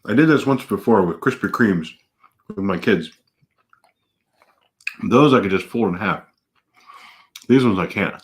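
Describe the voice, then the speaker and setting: A man's voice: lowish voice, lively intonation, a little slow, pauses often. A man in his thirties, a police officer and vlogger, chatting casually at home while eating donuts with his mouth full. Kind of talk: casual vlog, eating challenge.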